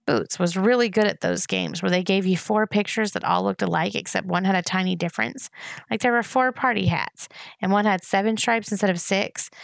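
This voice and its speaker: Woman, audiobook narration, very gravelly voice, dry close sound. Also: medium pitch, dry recording. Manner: steady, expressive reading, voicing each character. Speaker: reader.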